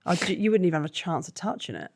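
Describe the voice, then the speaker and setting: A woman comedian as a guest in a casual chat interview, joking in quick banter. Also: on the low side, a little mellow.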